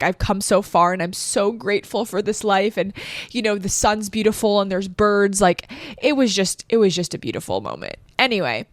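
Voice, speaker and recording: A young adult woman hosting a podcast from her living room shares a personal story in a chatty way. Her mid-range voice is emotional and at times tearful, full of fillers like "like," recorded with no room sound.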